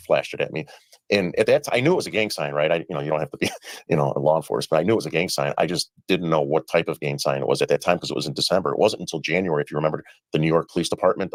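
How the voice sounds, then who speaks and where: His voice sits at an extremely low pitch on a dry recording. During a played interview, he fires off rapid anecdotes about his experiences and acts out the dialogue in them.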